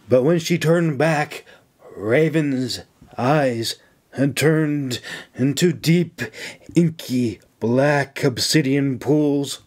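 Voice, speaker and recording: A man narrating his own fantasy novel in a slow, dramatic reading. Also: mid-range voice, darkish tone. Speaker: author and audiobook narrator. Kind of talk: scripted audiobook narration. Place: home sound closet lined with blankets.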